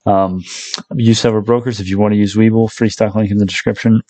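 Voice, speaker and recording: A man's voice: lowish voice, level tone, fast talker, warm tone, no room sound. A man hosting a stock market channel, talking casually and rambling a little, correcting himself and addressing viewers as guys. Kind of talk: casual unscripted commentary to viewers.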